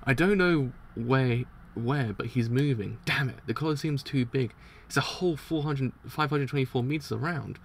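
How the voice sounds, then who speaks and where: A man's voice: mid-range voice, moderate pace, vocal fry. A man voicing a determined young male gang leader, talking urgently and alertly.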